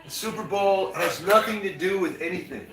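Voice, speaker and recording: A man's voice: sits high, moderate pace, far from the mic. A man co-hosting a casual live stream, playful and laughing, slipping into Italian phrases as he tells stories. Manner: playful, laughing storyteller who drops into Italian. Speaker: co-host, friend. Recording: roomy echo, a bit off mic, music behind.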